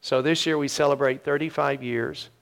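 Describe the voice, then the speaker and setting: A man in his fifties, a pastor telling his own story in a sermon with earnest, halting repeats. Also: on the high side, fairly even intonation, creaky, fairly bright tone. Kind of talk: sermon testimony.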